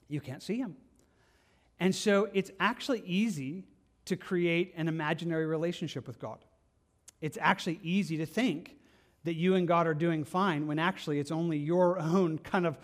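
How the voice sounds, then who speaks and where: A man preaching a conversational sermon as pastor, earnest and plainspoken, often asking his listeners questions. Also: a little high.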